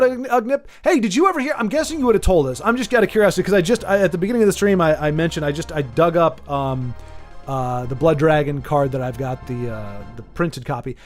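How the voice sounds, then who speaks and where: A man with a fairly high voice hosts a casual livestream, rambling, joking and talking straight to his viewers by name. Faint game music plays behind him. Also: lively intonation, a little fast. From United States.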